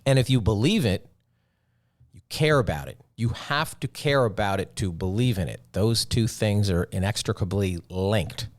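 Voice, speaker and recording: A man, hosting a solo podcast and telling a story with self-mocking, animated asides. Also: fairly low pitch, normal speed. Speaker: podcast host.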